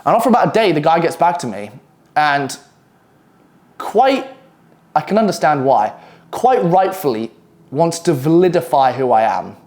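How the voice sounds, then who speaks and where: A young man with a British accent tells a work story straight to camera in a loose, casual way. His voice sits a little higher than most men's. He swears often and breaks into quick, animated asides. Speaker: copywriter telling a work story.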